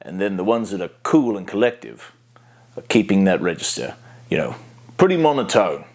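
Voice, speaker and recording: A man's voice: on the low side, big pitch swings, normal speed. A man explaining voice acting in a casual how-to tutorial, easygoing and explanatory, now and then breaking into short character demos.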